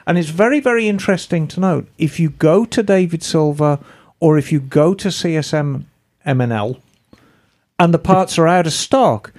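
A woman's voice: low voice, expressive, normal speed, a little mellow. A woman co-hosting a podcast in easygoing casual chat, reading out listener emails and swearing now and then. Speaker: podcast co-host.

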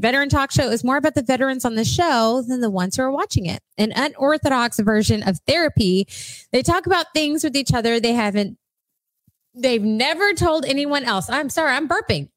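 A woman reading sponsor plugs on a casual podcast, loose and joking. Her voice sits a little high for a woman. The recording is dry and close. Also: no echo. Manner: playful, laughs easily, joking asides. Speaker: podcast co-host.

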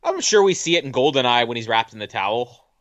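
A man's voice: medium pitch, big pitch swings, fast, a bit bright, no echo, lo-fi sound. A man co-hosting a podcast, chatting casually and joking over a film commentary. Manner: laughing, jokey. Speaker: podcast co-host. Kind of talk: casual movie commentary chat.

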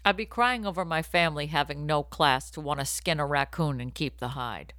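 Bright wisecracking woman from Boston. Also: sits low, brisk, no echo, studio quality. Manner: wisecracking, deadpan asides, loud laughter. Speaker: podcast co-host. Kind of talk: comedic casual chat.

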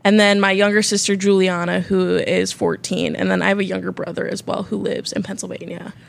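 A woman's voice: medium pitch, little pitch movement, fairly quick, creaky. Chatty young woman podcast host. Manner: chatty, self-deprecating. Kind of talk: casual chat.

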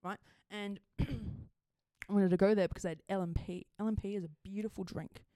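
A young Australian woman co-hosting a podcast and telling a story in casual chat. She talks in an animated way, laughs often and swears freely. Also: mid-range voice, normal speed, no room sound, clean studio sound. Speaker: podcast co-host.

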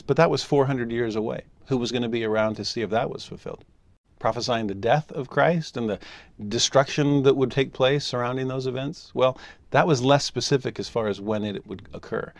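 Male scripture teacher, mid-pitched storyteller, dry close recording. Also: dry recording. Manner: animated storytelling, briefly voicing quoted characters.

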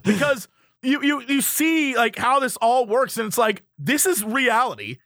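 A man co-hosting a podcast in casual chat, animated, acting out quotes in different voices. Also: extremely high pitch, unhurried, gravelly, no echo, clean studio sound. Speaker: podcast co-host.

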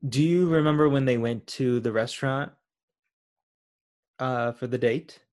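Curious male co-host who questions his partner and builds his theories slowly, full of fillers. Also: medium pitch, a little mellow. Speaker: podcast co-host. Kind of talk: casual film discussion.

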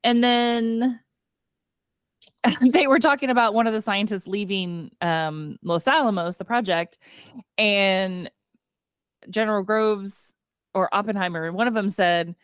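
A chatty woman co-hosts a movie podcast. She retells scenes in a lively storyteller's way, voicing the characters' lines and laughing along. Her voice is mid-pitched and close to the mic, and the room sounds dry. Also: measured pace, long pauses, clear, resonant tone, no echo. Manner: chatty storytelling, acts out quotes, laughs often. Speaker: podcast co-host. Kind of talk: casual movie review chat.

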